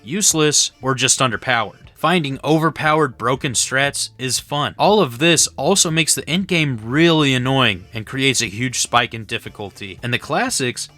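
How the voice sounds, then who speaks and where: Casting: male reviewer, crisp bright voice-over read, opinionated and blunt, faint music behind. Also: medium pitch. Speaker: game reviewer.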